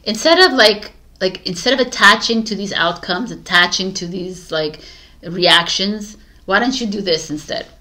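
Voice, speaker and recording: Woman doing a chatty tarot reading, animated, laughs a lot, coaching tone, mid pitch. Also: normal speed. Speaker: tarot reader. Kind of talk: casual tarot reading to camera.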